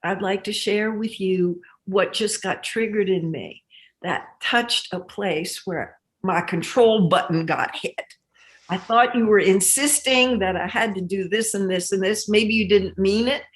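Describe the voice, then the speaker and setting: A woman guest in an interview, a relationship teacher speaking in a measured, reflective, earnest way. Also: medium pitch. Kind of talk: interview conversation.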